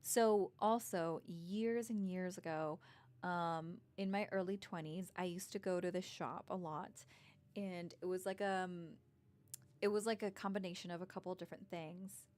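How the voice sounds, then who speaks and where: A woman's voice: on the low side, steady tone, normal speed, darkish tone. A woman in her thirties telling personal stories in a rambling, casual way, with many fillers and restarts. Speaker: vlogger. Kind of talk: casual storytelling.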